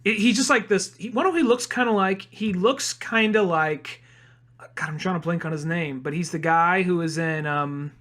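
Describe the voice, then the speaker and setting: A young adult man co-hosting a podcast, casually retelling a film and acting out the characters' lines. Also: normal speed. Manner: animated retelling, acts out quotes in a high voice. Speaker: podcast co-host.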